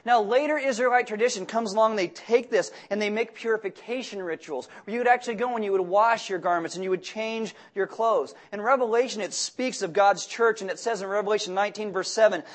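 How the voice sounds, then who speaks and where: A man's voice: high-pitched, fairly quick, few pauses. A male pastor giving a sermon in a conversational, joking way.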